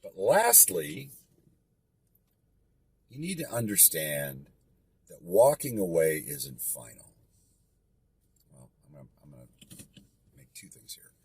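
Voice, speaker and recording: A man with a very husky, raspy voice leads a real estate investing lesson. His pitch sits low but swings widely as he talks. He coaches directly and emphatically, hammering his key points through repetition. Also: no room sound.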